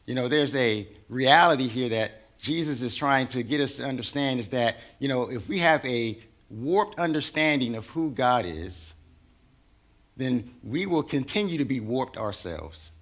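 A man's voice: medium pitch, animated, unhurried, a bit bright. A man preaching a sermon in a conversational, teaching style. His voice sits in a middle range and now and then builds with force as he drives a point home. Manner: conversational preaching, rising in intensity. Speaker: pastor.

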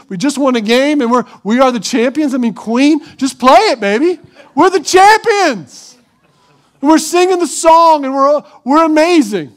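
Male pastor, very high voice, animated sermon delivery, acts out crowd chants.

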